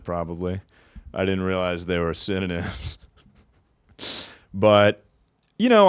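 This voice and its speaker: Young guy joking around on a podcast, lowish voice, super dry close sound, laughs a lot. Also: smooth, no echo. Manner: riffing, laughs often, jumps between loud bits and mumbled asides. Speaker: podcast host. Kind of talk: casual comedic chat.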